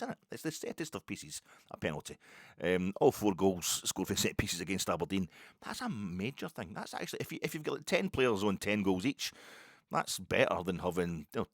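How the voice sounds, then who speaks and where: A man hosting a solo football podcast, rambling and excitable with lots of restarts and asides. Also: lowish voice, no room sound, studio quality. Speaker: podcast host.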